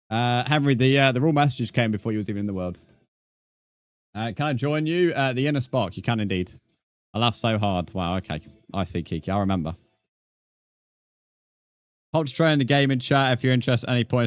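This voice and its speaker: With a lowish voice and no echo, a young man casually streams a game, reading his chat aloud and responding to it. He's chatty and laughs often.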